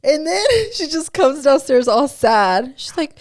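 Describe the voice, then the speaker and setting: A young woman co-hosting a podcast in casual chat, animated, swearing a lot and laughing often. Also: high voice, a little slow. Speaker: podcast co-host.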